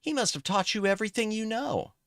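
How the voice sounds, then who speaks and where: A man's voice: lively intonation, fairly quick, gravelly, fairly bright tone, dry recording, full character voice. A man voicing a sneering pirate who trades insults in a mocking, taunting way. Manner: taunting, mocking, high-pitched. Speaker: streamer reading enemy pirate lines.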